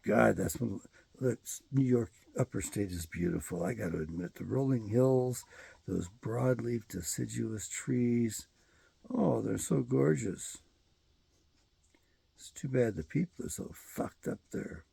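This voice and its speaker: A man's voice: medium pitch, lively intonation, slow, creaky, warm tone, slightly rough, no echo. A man hosting his own show, delivering a rambling, profane and emphatic solo commentary monologue. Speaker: show host.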